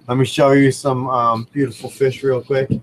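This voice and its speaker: A man talks into a computer mic at home beside his fish tank, hosting a relaxed livestream. He rambles through his stories with plenty of fillers and restarts, his voice sitting at an ordinary middle pitch for a man. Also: moderate pace, a little hiss or hum, poor audio. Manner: animated storyteller, rambling with many fillers. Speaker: livestream host. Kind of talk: casual live chat and anecdote. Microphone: computer microphone.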